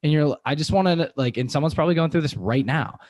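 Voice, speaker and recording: A man's voice: fairly high pitch, darkish tone, no room sound. Rambling man host, dry close sound. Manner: rambling, halting, lots of fillers. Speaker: podcast host. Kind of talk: casual chat.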